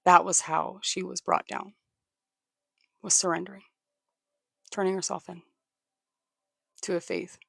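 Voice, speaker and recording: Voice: mid-range voice, level tone, measured pace, vocal fry, pauses often, pushed and bright, no echo, clean studio sound. A livestream host telling a history story in a casual way, often stopping to repeat or restart words and to thank viewers.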